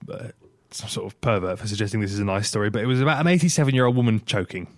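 A man's voice: lowish voice, racing, no room sound, studio quality. A man co-hosting a radio comedy chat show, telling stories in a wry, chuckling way. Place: radio studio.

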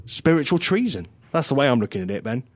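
A sarcastic man in his forties co-hosting a studio radio show, his voice swinging up and down with lively intonation. He sounds close and dry, with almost no room echo, and he laughs often as he talks. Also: medium pitch, fast. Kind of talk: casual comedic chat.

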